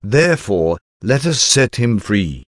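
A man reading the part of a troubled Roman governor in a slow, even voice. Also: fairly low pitch, no echo, clean studio sound. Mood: questioning.

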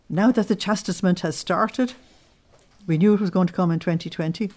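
A woman with a lowish voice delivers a spoken sermon, earnest and unhurried. She teaches from scripture and slips into personal stories as she goes. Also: darkish tone. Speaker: religious teacher.

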